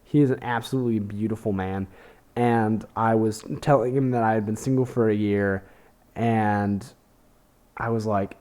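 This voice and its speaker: A man's voice: lowish voice, steady tone, normal speed, warm tone. A young man hosting a podcast, talking in a rambling, profane, self-deprecating way with many fillers and restarts. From Texas. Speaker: podcast host. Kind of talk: casual monologue.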